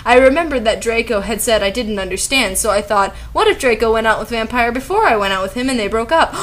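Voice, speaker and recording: A woman's voice: on the high side, normal speed, a bit bright. A young woman giving a comedic dramatic reading with sarcastic, incredulous commentary. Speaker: video commentator.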